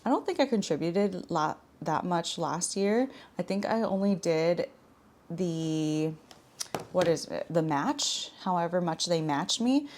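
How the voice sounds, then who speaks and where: A woman's voice: lowish voice, animated, measured pace, darkish tone, a little hiss or hum. A woman in her thirties vlogging in a frank, chatty way, full of filler words. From Washington state. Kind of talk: casual chat.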